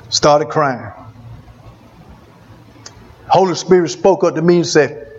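High-voiced preacher testifying. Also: male voice, steady tone, unhurried, pauses often, lo-fi sound. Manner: rhythmic, repeats phrases for emphasis. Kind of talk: testimony sermon.

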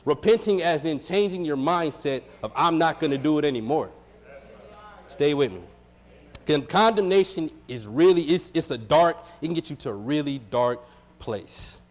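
A male preacher with a somewhat high voice delivers a sermon in a loose, conversational way. He jokes with the congregation and laughs at his own slip-ups. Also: expressive, moderate pace, darkish tone. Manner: casual, joking, self-deprecating, laughs often.

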